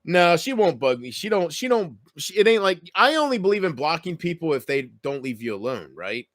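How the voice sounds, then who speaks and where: A man rambling and joking through a casual livestream, swearing freely as he goes. His voice sits somewhat high for a man. The sound is close and dry, with no room around it. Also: sing-song, fairly quick, fairly bright tone, no echo.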